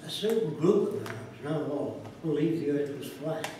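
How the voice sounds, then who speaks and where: A man's voice: on the high side, big pitch swings, normal speed, background noise. A man telling plainspoken, punchy anecdotes in answer to a question, acting out the people he quotes. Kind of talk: anecdotal storytelling. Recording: echoey room, far from mic.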